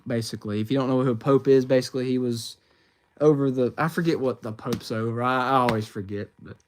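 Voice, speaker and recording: A man from the United States chats through a livestream on his phone, reading out viewers' questions. He rambles with plenty of fillers and restarts, in an ordinary mid-range voice. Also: medium pitch. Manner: chatty and rambling, many fillers and restarts, reads chat questions aloud. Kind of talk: casual livestream chat.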